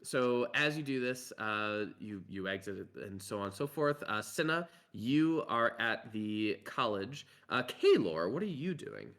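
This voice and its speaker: A man's voice: mid-range voice, big pitch swings, a bit bright. Hesitant male game master. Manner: halting, full of filler words. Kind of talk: narrating a tabletop game.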